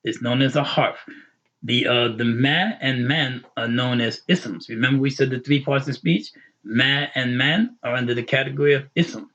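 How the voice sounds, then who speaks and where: A man explains Arabic grammar in an online lesson, going over each term more than once. His voice is husky and mid-pitched. The recording sounds dull and lo-fi. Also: fairly bright tone. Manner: patient, repetitive explaining with quick English glosses. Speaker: Arabic teacher.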